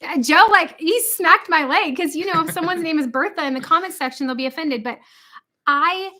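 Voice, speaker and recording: A middle-aged woman hosting a casual livestream chat from home, animated and jokey, quick to slip into funny voices. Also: very high voice. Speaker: livestream host.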